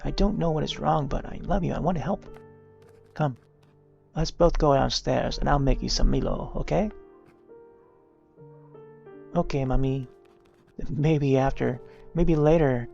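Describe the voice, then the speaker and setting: A streamer voicing a worried mother in a game, speaking softly and coaxingly. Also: medium pitch, moderate pace, creaky, pauses often, highs cut off, soft background music, close to an everyday voice. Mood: soothing. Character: gentle worried mother, soft and soothing.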